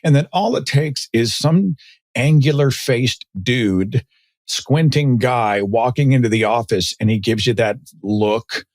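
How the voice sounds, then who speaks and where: A man on a podcast panel, deadpan and sardonic, riffing at length about believers and a film. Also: medium pitch, measured pace, dry recording, clean studio sound. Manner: deadpan, sardonic rambling riffs. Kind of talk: casual comedic movie review.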